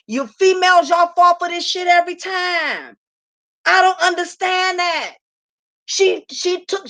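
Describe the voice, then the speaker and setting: A woman's voice: very high-pitched, a bit bright. A woman hosting a live show, telling a story to her audience in a brash, profane, sassy way. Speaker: host.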